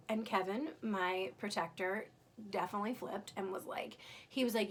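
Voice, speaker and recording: A woman's voice: mid-range voice, steady tone, normal speed, a bit bright. A young woman candidly recounting her birth story in casual, emotional storytelling, swearing freely.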